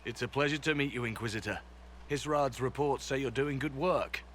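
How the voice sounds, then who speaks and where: An actor playing a calm, disciplined male soldier in a video game, speaking in a measured, matter-of-fact way. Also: mid-range voice, a little hiss or hum, natural voice.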